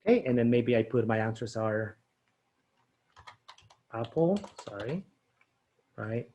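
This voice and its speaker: A man's voice: medium pitch, lively intonation, slow pace, dark tone, highs cut off, a little hiss or hum. A man leading a teacher training session, walking through quiz setup on screen and checking in often with "okay?" and "right?". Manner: chatty, frequent "okay?" and "right?" check-ins, thinks aloud. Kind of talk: screen-share training demo.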